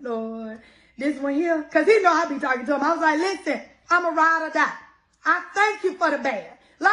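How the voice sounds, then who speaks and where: A woman giving a casual, animated devotional sermon, talking straight to her listeners with many asides. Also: extremely high pitch. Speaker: preacher.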